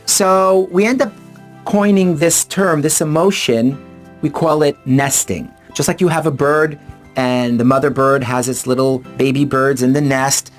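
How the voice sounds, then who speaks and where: A middle-aged man and author, earnestly retelling personal anecdotes to explain a relationship idea. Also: mid-range voice. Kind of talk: personal storytelling and advice talk.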